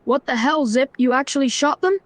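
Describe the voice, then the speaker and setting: A synthetic woman's voice speaking as a stern young man, scolding in a flat, even manner. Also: sits high, fairly quick, no room sound. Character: stern young man trying to stop a fight. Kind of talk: AI role-play chatbot voice.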